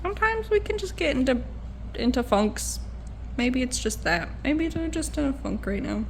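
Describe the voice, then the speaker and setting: Young woman vlogger, slightly high voice, tired and rambling, casual chat. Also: sing-song, normal speed, creaky, slight background noise. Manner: rambling, trailing off with fillers. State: low and tired.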